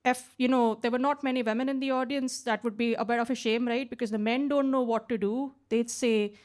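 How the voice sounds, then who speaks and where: In a basement comedy club, a late-twenties Indian woman with a twang does a chatty stand-up set on a club stage mic, ending lines with "right?". She speaks a little fast in a fairly high, fairly even voice with a darkish tone.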